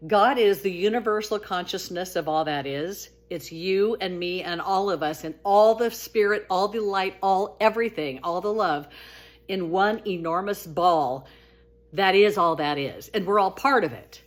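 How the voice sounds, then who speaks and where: A woman telling her own spiritual story in a casual, talkative monologue. She is earnest and expressive, and her voice lifts when she gets excited. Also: moderate pace. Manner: animated and expressive, voice rising high when excited; earnest, talkative, with frequent restarts.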